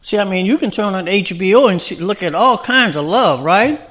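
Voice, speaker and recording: Man, high voice, preacher, sermon, conversational, rhetorical questions. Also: animated, normal speed, fairly bright tone.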